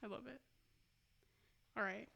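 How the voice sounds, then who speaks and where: Bright, high, gushing podcast co-host. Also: female voice, measured pace, vocal fry. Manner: gushing, excitable. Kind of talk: casual chat.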